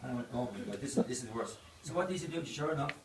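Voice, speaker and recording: A man's voice: medium pitch, lively intonation, racing. An Irish man in his fifties, a doctor, giving a birthday speech full of anecdotes and laughing through his punchlines. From Ireland. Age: 50s. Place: indoor party venue. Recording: echoey, distant, noisy party room.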